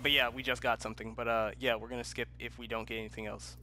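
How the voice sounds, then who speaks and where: A young man commentates a game from home in a bright, forceful voice. He rambles casually, then bursts into loud yells. A faint hiss sits behind his home mic. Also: mid-range voice, flat delivery, quick pace. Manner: rambling, with loud yelled outbursts. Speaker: gaming YouTuber. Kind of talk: let's play commentary. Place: home room.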